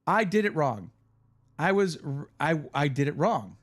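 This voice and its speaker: A man hosting a live stream, excitedly reading out names in quick bursts, his voice going hoarse. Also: a little high. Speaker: livestream host.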